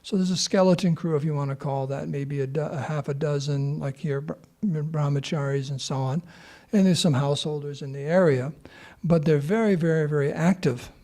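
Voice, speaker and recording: A man leads an informal scripture class and wanders through his stories. His voice sits somewhat high yet sounds dark and mellow, with a gravelly edge. He talks casually and rambles. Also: moderate pace. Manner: chatty, rambling storytelling.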